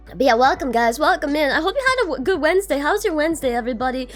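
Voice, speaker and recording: A woman's voice: high voice, lively intonation, fast talker, few pauses, soft background music. A young adult woman streaming, chatting casually and greeting her viewers by name, bubbly and swearing now and then.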